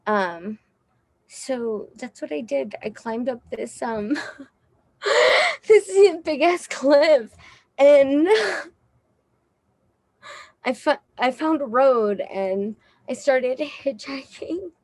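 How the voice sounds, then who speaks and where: Young woman guest, Texas-raised, unhurried and rambly, dry close sound with soft music under. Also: high-pitched, expressive, no echo. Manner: rambling, filler-heavy, swears, laughs often. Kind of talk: casual storytelling.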